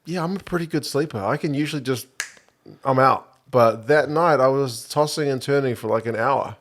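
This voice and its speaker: A man, co-hosting a casual rugby podcast with quick banter. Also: mid-range voice, slight background noise. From New Zealand. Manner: chatty, quick banter and short backchannels. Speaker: podcast co-host. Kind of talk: casual chat.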